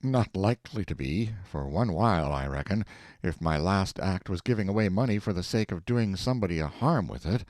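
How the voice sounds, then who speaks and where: A man reading aloud, voicing an excitable husband who talks in an eager, folksy, impatient way. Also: sits low, fairly quick, no room sound, clean studio sound. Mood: casual.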